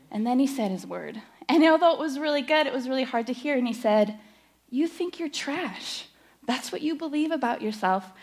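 A middle-aged woman giving a personal testimony at church, nervous and emotional, halting with fillers. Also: sits high, a little mellow. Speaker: church speaker sharing testimony.

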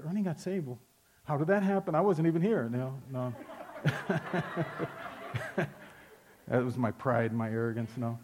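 A man's voice: on the high side, darkish tone. A middle-aged man preaching a sermon, telling stories in a conversational way and calling out to the congregation. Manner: storytelling, conversational, calls out "Amen?". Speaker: pastor.

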